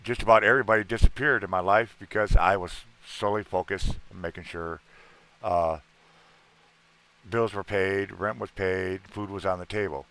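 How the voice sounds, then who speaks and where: A man's voice: deep voice, fairly even intonation, normal speed, sharp tone. A middle-aged man hosting a casual livestream chat, talking in a rambling, earnest way and repeating himself. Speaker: livestream host.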